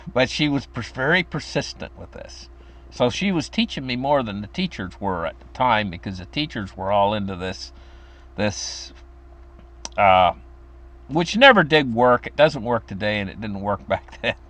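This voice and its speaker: A man in his fifties from the United States, with a mid-range and fairly bright voice, casually tells a story from his childhood. He meanders as he goes and chuckles along the way.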